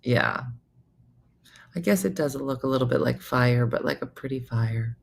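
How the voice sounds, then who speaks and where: A woman comedian hosting a morning show, telling a chatty, animated story with frequent asides. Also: very deep voice, normal speed, creaky, slight background noise. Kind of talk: casual comic storytelling.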